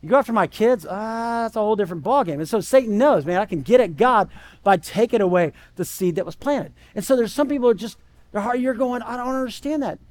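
A man's voice: high-pitched, animated, fast, a little mellow. A man preaching a sermon in a conversational way, often checking in with "right?" and acting out the voices he quotes. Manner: conversational, keeps asking "right?". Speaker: pastor.

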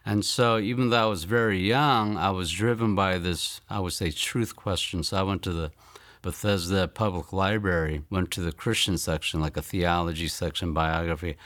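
Earnest low-voiced man telling his testimony. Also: fairly even intonation, fairly bright tone, no room sound, clean studio sound. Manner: earnest and reflective, slowing down to stress key lines. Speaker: testimony speaker. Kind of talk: personal testimony storytelling.

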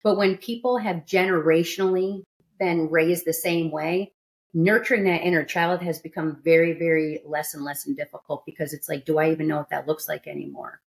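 A woman's voice: low-pitched, fairly even intonation, fairly quick. A woman hosting a studio podcast, talking candidly and emphatically in casual chat. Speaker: podcast host.

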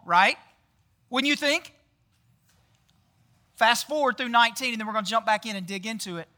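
With a very high, sharp voice, a pastor preaches casually at a normal speed but with long pauses. His chatty style involves regular questions to the crowd and lines finished off with "right?"

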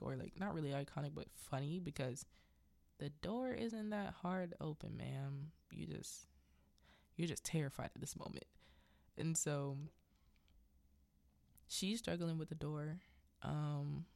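A woman's voice: deep voice, measured pace, creaky, a little mellow, no room sound. A woman hosting a podcast who recaps a film in a casual, rambling way, full of unsure asides. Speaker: podcast host.

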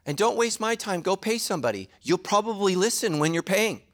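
A middle-aged man preaching a sermon as a pastor, animated and jokey, with quick asides to the congregation. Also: high-pitched.

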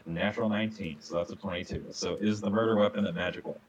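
A man's voice: sits low, fairly even intonation, fast talker, lo-fi sound, slight background noise. A man playing a tabletop game, asking short, matter-of-fact questions as his character investigates. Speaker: player.

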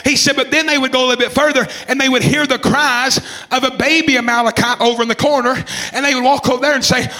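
A man in his twenties preaching a fervent sermon, repeating phrases, shouting some lines and calling on listeners by name. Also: very high-pitched, fairly even intonation, fast talker. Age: 20s. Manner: calls out congregation members by name.

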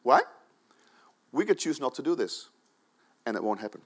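A pastor from the Netherlands, preaching a sermon in a church, swinging between loud, emphatic urging and quiet asides. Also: male voice, mid-range voice, sing-song, moderate pace.

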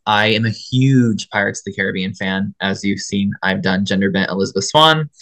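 A woman's voice: rumbling low, moderate pace, fairly bright tone, dry recording, poor audio. A woman cosplayer as a podcast guest, telling stories politely, avoiding swearing and laughing often. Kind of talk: casual interview chat.

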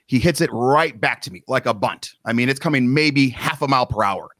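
A man's voice: medium pitch, brisk, a bit bright, no echo, clean studio sound. A man hosting a podcast, telling stories in a rambling, casual, self-deprecating way and acting out the quoted lines. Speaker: podcast host. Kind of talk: casual storytelling.

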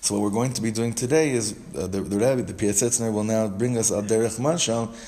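A man's voice: on the low side, fairly even intonation, a little fast, mellow. Man teaching a casual text class. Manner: explains step by step, repeats phrases, frequent restarts.

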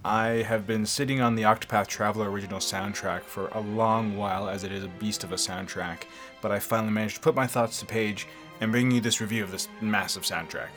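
A man's voice: lowish voice, steady tone, a little fast, a bit bright, faint music behind. A man hosting a podcast in casual chat, talkative and laughing often. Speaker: podcast host.

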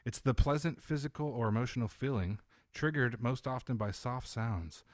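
A man's voice: medium pitch, moderate pace, no echo, studio quality. A man who is a podcast guest, talking in a loose, rambling, casual way and leaning on "like" as he goes. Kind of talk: casual chat.

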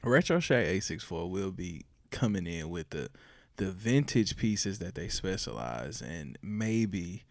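A young man hosting a podcast in a loose, joking, profane way. His voice sits low, and the recording is completely dry, with no room sound at all. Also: expressive, a little slow, gravelly, no echo. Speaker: podcast host. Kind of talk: casual podcast chat.

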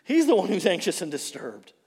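A male pastor preaching a sermon, retelling the story with animated, dramatic delivery and acted-out quotes. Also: high-pitched, a little fast, husky. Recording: long reverb of a large hall.

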